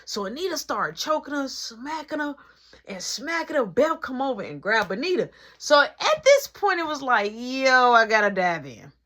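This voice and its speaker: A woman telling a fight story in a casual vlog, animated and dramatic, acting out sound effects. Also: high-pitched, normal speed.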